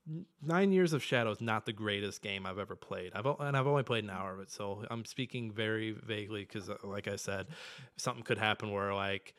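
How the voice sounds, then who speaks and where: A young man co-hosting a casual podcast, ranting profanely and excitably, with sudden bursts of yelling. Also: fairly low pitch, a little fast. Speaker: podcast co-host.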